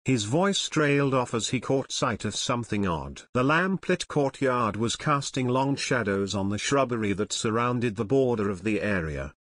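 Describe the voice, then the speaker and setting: A man reading his children's fantasy book aloud with steady storytelling. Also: mid-range voice, normal speed, few pauses, no echo. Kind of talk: audiobook narration.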